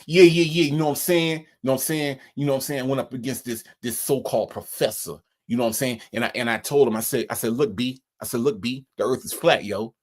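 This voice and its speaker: A streamer voicing a dim, slangy man who rambles to his lawyer, filling every pause with "you know what I'm saying". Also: medium pitch, steady tone, pitched below the performer's own voice, natural voice. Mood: boastful rambling.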